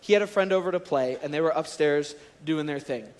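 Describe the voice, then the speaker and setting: Storytelling young pastor in a reverberant hall. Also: male voice, on the high side, a little fast. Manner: storytelling, animated and conversational. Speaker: college and students director. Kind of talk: sermon. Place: large church auditorium.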